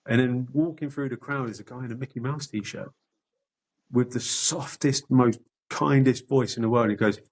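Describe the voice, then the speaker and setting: A man's voice: medium pitch, normal speed, a little mellow, low-quality recording. A middle-aged man telling his personal story candidly as a podcast guest, swearing often and restarting sentences.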